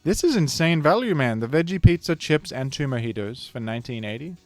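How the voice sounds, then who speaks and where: A man's voice: fairly high pitch, animated, fairly quick, soft background music. A man giving casual, rambling gameplay commentary as a video creator, chatting to viewers and often correcting himself mid-sentence.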